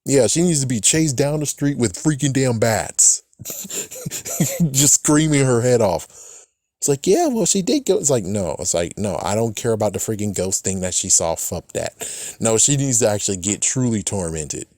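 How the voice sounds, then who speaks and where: A show reviewer casually rambles through a TV episode, cursing often and repeatedly tossing in "it's like" asides. His mid-range voice is sing-song and darkish at a moderate pace, captured with clean studio sound and no room echo.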